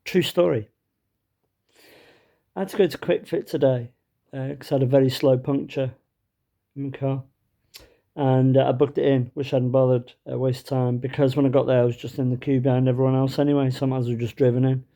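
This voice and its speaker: A man's voice: mid-range voice, little pitch movement, fairly quick, creaky, pauses often, warm tone. A man telling a comic anecdote in a chatty, wry way, with lots of fillers and small restarts. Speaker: storyteller. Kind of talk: comic anecdote told to camera.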